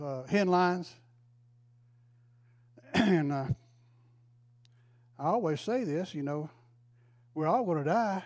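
With a high, darkish voice, a retired pastor in his later years relates an emotional, folksy story within a sermon and breaks into exclamations of praise.

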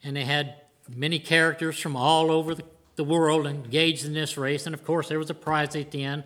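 A man's voice: fairly high pitch, little pitch movement, brisk, a bit bright. An older man preaching a sermon to a congregation in an earnest, plain-spoken way. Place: church before a congregation.

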